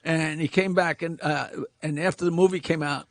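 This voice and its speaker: A male comedian telling an anecdote in a halting way. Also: on the high side, fairly even intonation.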